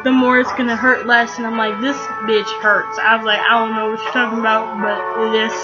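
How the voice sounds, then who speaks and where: A teenage girl telling a story in a casual vlog, rambling and excitable with lots of fillers. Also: fairly high pitch, a little fast, muffled recording, over loud music. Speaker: vlogger.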